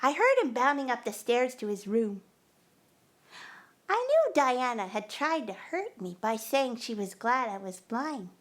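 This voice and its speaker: Slow, expressive woman storyteller. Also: on the high side. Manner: expressive first-person narration with acted dialogue. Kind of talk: live storytelling performance. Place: performance venue.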